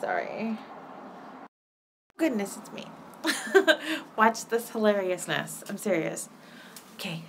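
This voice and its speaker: A woman's voice: medium pitch, sing-song, slow, long pauses, fairly bright tone, a little hiss or hum. A woman chatting casually on a live stream from her phone at home, giggling often. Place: home apartment. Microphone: phone held up.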